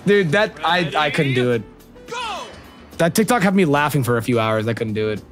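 Lively slang-heavy male streamer. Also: medium pitch, moderate pace, music in the background. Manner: animated, slangy and profane, laughs a lot. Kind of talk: casual livestream chat with viewers.

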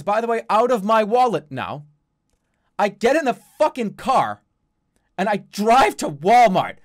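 A man streaming from his home gaming setup, ranting to chat in an exasperated, swearing, animated way. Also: high voice. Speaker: game streamer.

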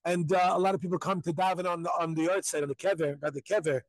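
A man's voice: high-pitched, fairly even intonation, quick pace, no echo, low-quality recording. A man, a rabbi, telling a story live at a crowded outdoor pilgrimage site, emphatic and repetitive, acting out the quotes.

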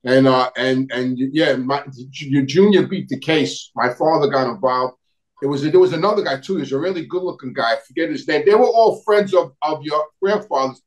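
A man's voice: a little high, normal speed, rough recording. A middle-aged man, telling old neighborhood stories in a rambling way, restarting sentences and searching for names. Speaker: guest recounting family history. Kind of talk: casual storytelling conversation.

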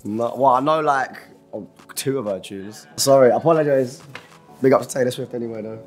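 A man's voice: medium pitch, fairly quick, soft background music. Young man, easygoing game-show guest, chuckles a lot, sheepish about missed lyrics. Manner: laid-back, laughs often, apologetic. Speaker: musician guest. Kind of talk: casual chat during a lyrics game.

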